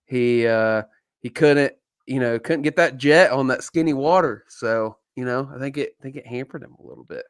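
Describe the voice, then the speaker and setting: A man's voice: mid-range voice, moderate pace, smooth, no echo, studio quality. A man co-hosting a live fishing podcast, chatting casually, often joking and laughing, with many ums. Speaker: podcast co-host.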